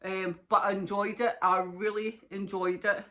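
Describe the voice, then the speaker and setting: A woman's voice: medium pitch, little pitch movement, normal speed, a bit bright. A Scottish woman hosting a knitting podcast, chatting casually to camera in a rambling way and laughing often.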